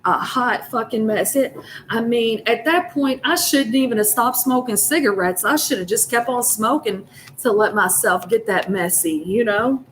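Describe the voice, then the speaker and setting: A woman's voice: a little high, normal speed, slight background noise, poor audio. A woman telling a personal story in a casual, rambling, profane and emotional way.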